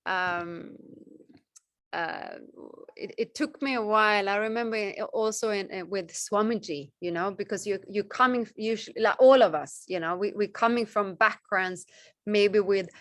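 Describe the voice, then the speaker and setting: A woman teaching Sanskrit chant pronunciation on a video call, gentle and encouraging, halting with many restarts. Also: medium pitch, dry recording.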